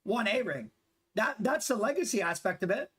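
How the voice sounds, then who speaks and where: Man, 20s, gaming streamer; high, animated voice, loose profane banter. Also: normal speed. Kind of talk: casual live-stream chat during gameplay.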